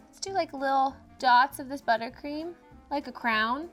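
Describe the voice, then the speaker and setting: A woman's voice: sits high, moderate pace, faint music behind. A woman hosting a cooking show, chatting playfully through a casual baking demonstration and filling her speech with fillers.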